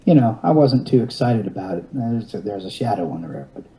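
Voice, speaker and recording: A man's voice: lowish voice, lively intonation, a little fast, warm tone, low-quality recording. A man in his fifties telling a long personal story in an interview, rambling along with restarts and wry, self-mocking humor. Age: 50s.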